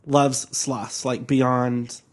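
A man's voice: medium pitch, little pitch movement, drawn-out words. A man co-hosting a podcast, telling a story in casual chat, with lots of "like". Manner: chatty, many likes. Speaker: podcast co-host.

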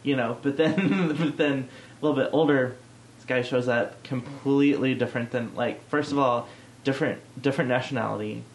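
A man telling a wry, deadpan story in casual podcast chat. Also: mid-range voice, a little fast. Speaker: podcast co-host. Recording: echoey room, faint noise.

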